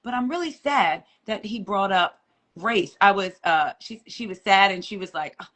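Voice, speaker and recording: As a guest courtroom reporter on a live stream, a woman tells a story with animation, acting out the voices of the people she quotes. Her pitch is medium and her pace moderate.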